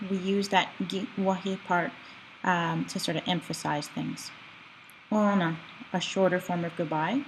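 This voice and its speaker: A woman teaching a recorded language lecture with a somewhat low voice. She explains each word patiently and slows down to model its pronunciation. A faint hiss sits under the recording. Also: low-quality recording.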